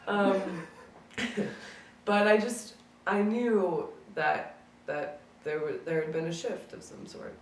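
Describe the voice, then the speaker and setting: Casual storyteller, mid pitch, heard from across a roomy space. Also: slow pace, recorded from a distance. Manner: chatty, acts out quoted dialogue, many fillers of "like". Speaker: speaker sharing a memory at a gathering. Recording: roomy sound from away from the mic.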